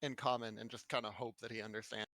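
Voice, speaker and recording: A man playing a tabletop game, describing his character's actions in a quiet, laid-back way. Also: on the low side, level tone, fast talker. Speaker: player. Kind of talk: casual tabletop play.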